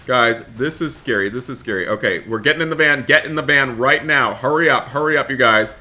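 A young man hosts a gaming video in a strikingly bright, forceful voice at an ordinary middle pitch. He comments on the action with lively energy, talks to his viewers constantly, and jumps into panicked shouts when the game turns scary. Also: brisk, few pauses. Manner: animated, keeps addressing viewers as guys, shouts for help in panic. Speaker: gaming channel host. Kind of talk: excited gameplay commentary.

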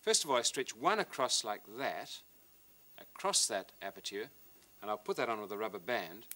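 A man's voice: on the low side, moderate pace. A middle-aged man presenting a science lesson, explaining and demonstrating with a model as he talks. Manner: lively, hands-on demonstrator.

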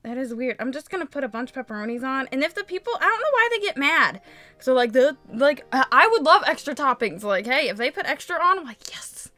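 Excitable woman let's-play host, high, bright and very lively, chatty commentary over faint game music. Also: fast, no echo. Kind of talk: casual gameplay commentary. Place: home, in daytime.

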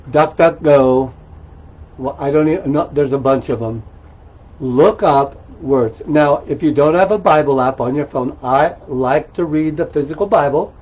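A man's voice: on the high side, darkish tone, breathy edge. A man preaching a sermon in a conversational way, with asides and rhetorical questions. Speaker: pastor. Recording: dull lo-fi recording.

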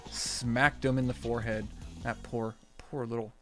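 A man streaming a game, rambling with lots of fillers and restarts, then bursting into shouts and laughs. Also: medium pitch, steady tone, moderate pace, soft background music. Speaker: gaming streamer. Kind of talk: live gameplay commentary.

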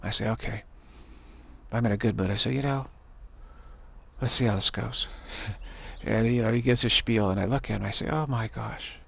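A man in his sixties giving a rambling spiritual talk as a teacher, halting and often repeating words and restarting his sentences. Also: lowish voice, gravelly, fairly bright tone, husky. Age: 60s.

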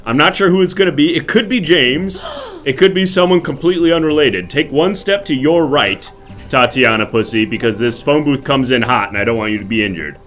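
A man's voice: mid-range voice, animated, a little fast, fairly bright tone, faint music behind. Brief: man, improv host, playful mock-formal announcer. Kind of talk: live improv comedy narration.

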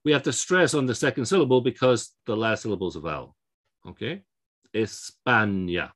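A man's voice: mid-range voice, big pitch swings, fast talker. A man teaching Spanish pronunciation in a lecture, explaining rules step by step and often checking in with "okay?". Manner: explanatory, frequent fillers and restarts, checks in with okay. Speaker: Spanish language instructor.

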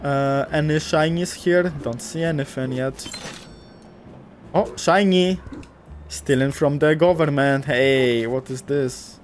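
A young man casually commentating a cute game, gushing, swearing lightly and talking to the characters, often jumping up into excited squeals. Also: medium pitch, slow pace, soft background music. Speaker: gaming YouTuber.

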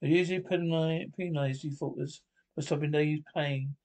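A man reading the part of a gruff, irritable middle-aged ship captain who talks in curt, scolding bursts. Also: fairly high pitch, steady tone, brisk, a little mellow, lightly acted, rough recording.

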